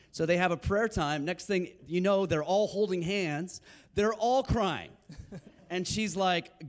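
Male guest speaker, somewhat high voice, energetic storyteller addressing a congregation. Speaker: guest ministry leader. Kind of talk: storytelling from a church stage.

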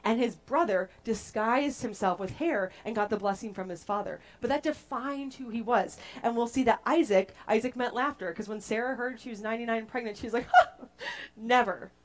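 A young adult woman preaching a casual, playful sermon to a group, chatty and animated as she tells stories. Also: fairly high pitch, brisk, hardly any pauses.

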